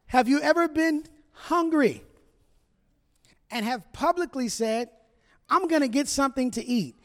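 A pastor with a high, light voice for a man, preaching a humorous sermon in a joking, chatty way. He talks straight to the congregation, teasing the men and the women in turn. His words ring out with the long reverb of a big church hall. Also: expressive, measured pace.

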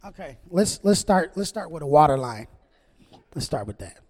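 A man preaching a sermon as a pastor, conversational and animated, acting out the quotes he reads. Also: on the high side, normal speed, long reverb tail.

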